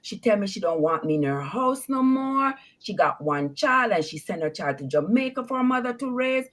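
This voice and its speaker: A man's voice: sits high, sing-song, moderate pace, fairly bright tone. A woman doing a distraught young man pleading.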